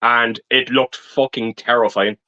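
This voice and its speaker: A man's voice: medium pitch, steady tone, a little slow, sharp tone, no room sound, dull audio. A man on a casual movie livestream, earnestly rambling and restarting his sentences. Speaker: regular panelist on a movie livestream. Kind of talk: casual chat on a live stream.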